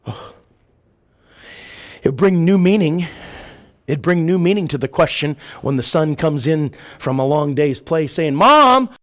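High-pitched preacher guy in church, loud then quiet, really fired up. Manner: preaching with rising shouts and sudden drops to a hush. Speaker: pastor. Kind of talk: fiery sermon.

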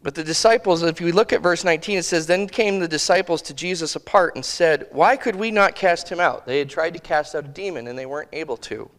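A man preaching a sermon in a conversational way, thinking aloud with restarts and slowing to give quoted scripture weight. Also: a little high, a bit bright, long reverb tail. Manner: slow, emphatic phrasing of quoted scripture.

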